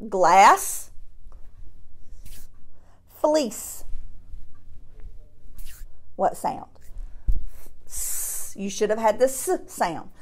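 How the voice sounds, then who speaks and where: A woman teaching a phonics lesson to young children, drawing out each sound slowly and patiently, with encouraging praise. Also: on the high side. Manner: slow, drawn-out sounding of word parts; encouraging, patient classroom delivery.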